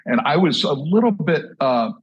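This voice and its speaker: A man's voice: a little high, normal speed, slightly rough, poor audio. Iowa-raised man in his 60s, stammering storyteller. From Southwest Iowa, USA. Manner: repeats words and restarts often, lively storyteller. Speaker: host, drummer.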